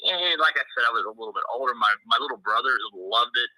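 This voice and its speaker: A man calling into a show, blunt and teasing in lively casual chat. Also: mid-range voice, fast, dry recording, poor audio. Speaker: caller.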